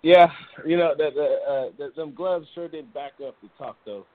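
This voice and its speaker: A man's voice: on the high side, normal speed. A man hosting a casual boxing talk show, rambling with frequent restarts and easy laughter. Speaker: boxing podcast host. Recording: tinny phone-like audio.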